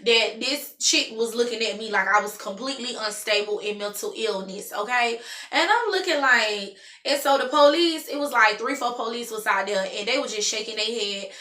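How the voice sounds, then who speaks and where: A woman's voice: fairly high pitch, moderate pace, roomy sound. Emphatic woman in her thirties. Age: 30s. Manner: emphatic, animated storytelling. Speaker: vlogger. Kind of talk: personal storytime.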